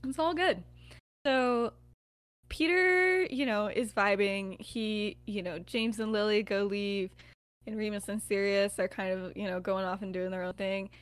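A woman's voice: mid-range voice, a little slow, clean tone, no echo. Chatty young woman with a dry close sound. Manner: chatty, filler-heavy with frequent "like", laughs often. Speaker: podcast co-host and storyteller. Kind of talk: casual storytelling chat.

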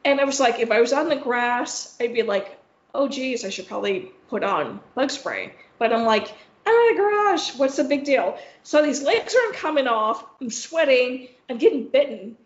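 A woman's voice: on the high side, big pitch swings, moderate pace. A young woman co-hosting a podcast, rambling through a story with lots of swearing and "like". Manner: rambling, swearing, heavy use of "like". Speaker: podcast co-host. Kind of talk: casual storytelling chat. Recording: roomy, slightly dull sound.

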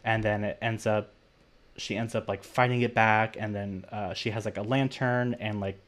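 A man's voice: on the low side, fairly even intonation, moderate pace, fairly bright tone. A man co-hosting a podcast, casually retelling a film's plot in a rambling way full of "like". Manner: rambling, heavy use of "like". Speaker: podcast co-host. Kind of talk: casual movie recap.

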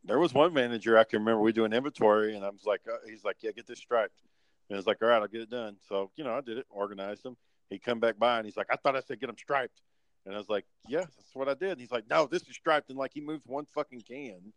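A man in mid pitch, talking loosely and with a lot of swearing as he tells sardonic work stories. He acts out bosses and customers in quick bursts. The sound is dry and close, with little room around it. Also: dry recording, poor audio. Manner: profane, sardonic storyteller acting out bosses and customers. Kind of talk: casual chat, swapping work stories.

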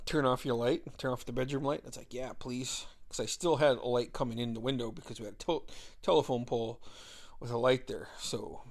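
Laid-back swearing man telling a story. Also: medium pitch. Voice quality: heavy swearing, laughs often. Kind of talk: casual profane storytelling.

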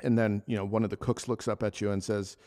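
A man's voice: on the low side, little pitch movement, fast, a little mellow. A man hosting a solo podcast, telling restaurant kitchen stories in a loose, rambling way with many restarts. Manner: rambling storytelling with frequent restarts and laughs. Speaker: podcast host, chef. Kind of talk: casual solo podcast monologue.

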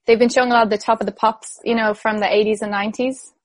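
An Irish woman speaks in a chatty, enthusiastic interview manner, sprinkling her talk with fillers. Her voice sits a little high. The sound is dry and close. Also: flat delivery, rapid-fire, no room sound. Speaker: singer guest. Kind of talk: casual interview chat.

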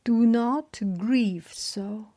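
A woman's voice: a little high, drawn-out words, mellow. A woman voicing an older male river god, a worried father, soothing his daughter in a whispered role-play. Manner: soothing, reassuring.

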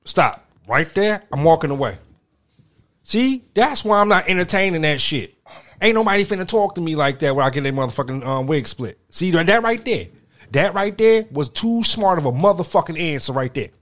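A man's voice: fairly high pitch, lively intonation, normal speed, fairly bright tone. A man co-hosting a podcast in casual chat, ranting heatedly and swearing a lot. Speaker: podcast co-host.

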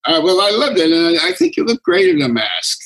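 A man in his nineties, a guest speaking from his home, unhurried and wry with soft chuckles. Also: a little high, big pitch swings, rough recording. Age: 90s. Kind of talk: relaxed conversation.

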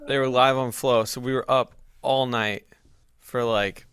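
A man chatting casually, recounting shared memories in a relaxed way. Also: medium pitch, a little slow, clean tone, no echo, clean studio sound. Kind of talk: casual chat.

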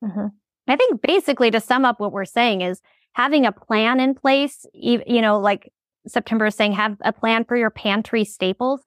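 A woman's voice: fairly high pitch, moderate pace, dry recording, studio quality. A middle-aged woman co-hosting a casual chat, talking in a practical way and summing up the points.

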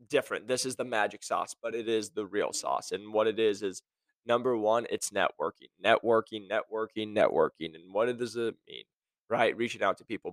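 A man's voice: fairly low pitch, no room sound. A man hosting a podcast, talking in a blunt, sarcastic rant to his listeners. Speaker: podcast host. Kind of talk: casual monologue.

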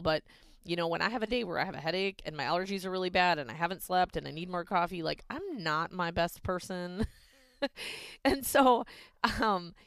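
A woman's voice: on the low side, dry recording. A woman, a dog behavior consultant hosting a podcast, talking in an earnest, chatty way with many fillers and restarts. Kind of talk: casual podcast talk.

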